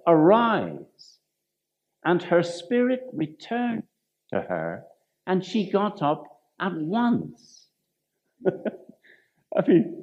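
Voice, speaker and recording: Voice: mid-range voice, mellow. A preacher giving a reflective sermon, who stumbles, corrects themself and asks the listeners rhetorical questions. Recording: dull lo-fi recording.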